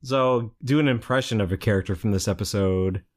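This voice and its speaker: A man's voice: lowish voice, a little fast. A man co-hosting a podcast in a laid-back, rambling, casual way. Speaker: podcast co-host.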